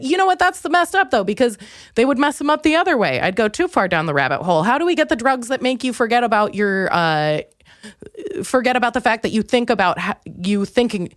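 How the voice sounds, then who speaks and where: A woman's voice: no room sound, studio quality. Rambling, self-mocking young woman comedian. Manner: rambling, self-mocking, jumps into high excited quotes. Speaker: comedian podcast host. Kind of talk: casual comedic monologue.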